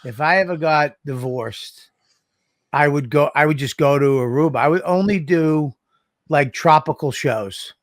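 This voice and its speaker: A man co-hosts a casual podcast, spinning animated stories full of swearing and acted-out dialogue. His voice sits a little higher than most men's. The sound is close and dry, with no room echo. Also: unhurried. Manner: animated storyteller, swears a lot, acts out dialogue. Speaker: podcast co-host. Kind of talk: casual chat.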